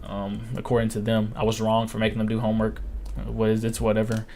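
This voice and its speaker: A man's voice: fairly low pitch, completely flat delivery, fast talker, mellow, slight background noise. A young man in his twenties hosting a casual live-stream Q&A, telling blunt, profane stories and acting out what others said. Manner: blunt, profane storytelling, acts out quotes. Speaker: live stream host answering questions.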